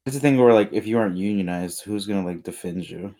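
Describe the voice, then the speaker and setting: A young man with a notably low voice, talking casually among friends. He comes across as blunt and sardonic. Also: quick pace, dark tone. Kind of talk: casual chat.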